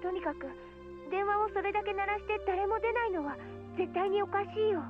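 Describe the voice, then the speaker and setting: A sweet but urgent teenage schoolgirl from an anime game. She speaks very high and fast, caring yet firm. Game music plays underneath. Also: lo-fi sound. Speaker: game voice actress.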